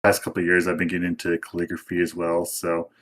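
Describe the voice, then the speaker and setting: A young man with a very low voice explains his views in relaxed podcast chat. He pauses on hesitant ums and keeps an easy, explanatory tone. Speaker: podcast co-host. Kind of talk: casual anime review chat.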